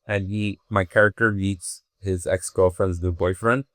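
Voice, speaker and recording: A man's voice: low voice, steady tone, a little slow, a bit bright, no room sound. A man, a stand-up comedian, chatting casually and acting out scenes in a rambling, laid-back way. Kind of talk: casual interview chat.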